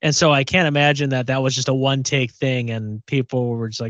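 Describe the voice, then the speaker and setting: A man's voice: mid-range voice, little pitch movement, brisk, a bit bright, no echo, highs cut off. A man co-hosting a pop culture podcast in casual chat, often repeating words as he thinks. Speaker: podcast co-host.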